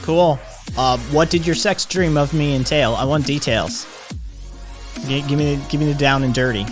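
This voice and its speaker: A man's voice: a little high, normal speed, over music. A man hosting a live stream, chatting casually in a rambling, profane way. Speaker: streamer host.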